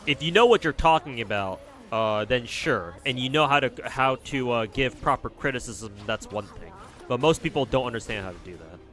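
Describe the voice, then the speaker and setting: A man's voice: mid-range voice, expressive, moderate pace, fairly bright tone, faint music behind. A man livestreaming a game, chatting casually and bluntly as he reads chat and plays, rambling and swearing freely. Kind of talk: casual commentary while playing and reading chat.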